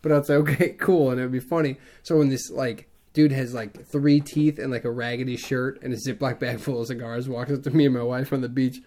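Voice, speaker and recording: Animated male podcast co-host. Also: mid-range voice, brisk, few pauses. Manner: animated storyteller, acts out other people's lines. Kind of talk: casual chat.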